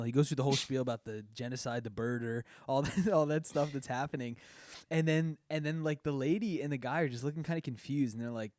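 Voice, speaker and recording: A man's voice: mid-range voice, quick pace, a little mellow, no echo, studio quality. A man hosting a casual podcast chat, laughing often and rambling with lots of fillers. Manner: giggly, rambling with many fillers. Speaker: podcast host.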